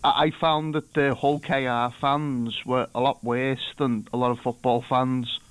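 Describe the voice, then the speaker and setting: A male caller on a late-night radio phone-in. He talks in a hesitant, searching way, with an even, mid-pitched voice and a dry sound. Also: unhurried, smooth, dry recording. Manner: hesitant, with many fillers. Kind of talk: casual phone-in call.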